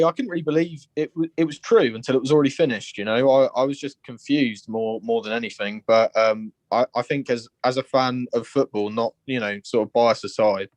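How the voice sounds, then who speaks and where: A man's voice: fairly low pitch, no room sound. A young man with a Scouse accent, calling in to give a passionate, indignant fan's opinion. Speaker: caller. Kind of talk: phone-in fan opinion.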